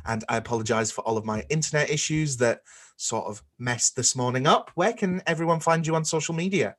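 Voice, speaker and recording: A man's voice: medium pitch, brisk. A young man hosting a podcast, joking and self-deprecating as he chats and signs off. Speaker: podcast host. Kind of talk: casual chat.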